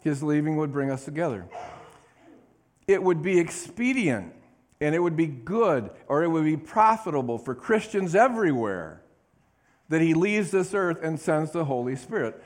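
A man's voice: fairly high pitch, sing-song, moderate pace. Preaching man calling for amens. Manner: call-and-response preaching, asks congregation for amens; reads scripture aloud with emphasis. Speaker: pastor. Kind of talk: sermon.

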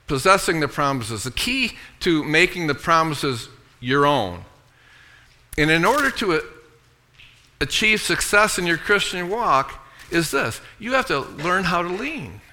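Bright-voiced man preaching a sermon. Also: sing-song, slow, pauses often. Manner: preaching with call-and-response, frequent "amen" and "okay"; reads scripture aloud in a lower, softer voice. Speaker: pastor.

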